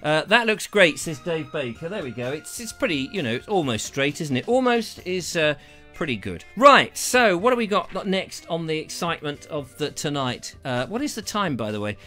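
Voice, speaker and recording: A jokey man hosts a casual live stream in a high, animated voice. He rambles cheerfully from one pun to the next, and his tone is bright and forceful. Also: normal speed, faint music behind. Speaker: live show host.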